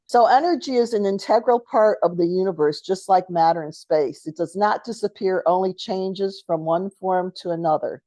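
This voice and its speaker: A middle-aged woman talks casually, spinning anecdotes and jokes as a talk show co-host. Her voice sits low and sounds mellow and relaxed. The recording is dry, with no room around it. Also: normal speed, few pauses, no echo. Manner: storytelling, chatty, laughs often. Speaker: podcast co-host. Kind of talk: casual spiritual chat.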